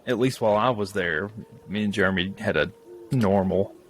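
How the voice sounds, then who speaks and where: A man's voice: fairly low pitch, normal speed, a little hiss or hum. A man co-hosting a podcast in casual chat, joking and laughing often. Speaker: podcast co-host.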